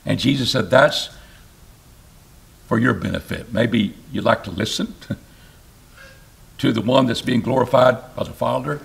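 A man preaching an expository sermon, reading scripture aloud and explaining it, with emphatic rises and sudden low drops. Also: unhurried, creaky, pauses often. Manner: animated, rising to emphatic bursts and dropping low.

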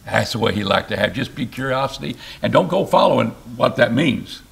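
A man preaching an expository sermon, reading scripture aloud and explaining it, with emphatic rises and sudden low drops. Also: brisk, vocal fry. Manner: animated, rising to emphatic bursts and dropping low.

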